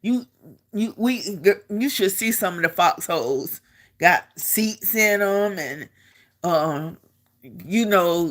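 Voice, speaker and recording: A middle-aged woman and army veteran, casually telling a story to the camera in an animated way, often repeating herself and laughing. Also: fairly low pitch, slow pace.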